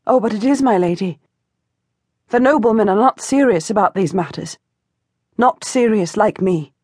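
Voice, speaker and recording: A woman's voice: mid-range voice, moderate pace, darkish tone, slightly rough, no echo, studio quality, close to an everyday voice. A woman voicing a young peasant girl in an audiobook, blunt and earnest. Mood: defiant. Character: defiant peasant girl of eighteen, plain-spoken. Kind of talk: audiobook character voice.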